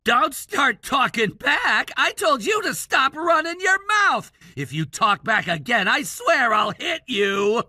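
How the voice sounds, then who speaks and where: A woman voicing a high-school boy in a text-story drama who shouts demands and then pleads tearfully. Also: lively intonation, takes it slowly, no room sound, clean studio sound, exaggerated voice. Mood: bratty shouting.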